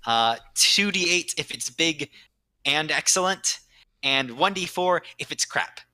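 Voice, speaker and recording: A man walks his players through a tabletop game's rules in a relaxed podcast chat. His voice is very bright and sits close and dry on the mic, and he pads his explanations with lots of "um"s before punching a point. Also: a little high, a little slow, no echo, poor audio. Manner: explanatory, many fillers, bursts of emphasis. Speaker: game master explaining rules.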